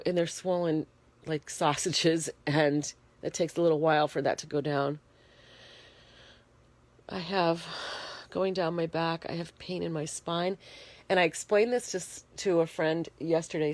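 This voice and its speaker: Congested low-voiced woman, shivering. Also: darkish tone. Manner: plain, unhurried, explaining in detail. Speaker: vlogger. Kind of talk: casual personal video diary. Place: bedroom, in bed. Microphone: phone held in hand.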